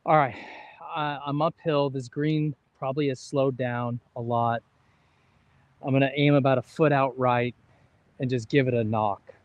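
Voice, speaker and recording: A man's voice: mid-range voice, fairly even intonation, a little slow, no room sound, dull audio. A man co-hosting a golf livestream outdoors on a rainy course, thinking aloud about each shot in casual chat. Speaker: golfer and co-host.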